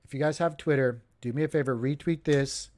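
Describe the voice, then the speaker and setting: A man's voice: medium pitch, steady tone, fairly quick, a little mellow. A man hosting a casual livestream, talking viewers through charts in a chatty, joking way and speaking straight to them. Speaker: crypto livestream host. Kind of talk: casual live chart commentary.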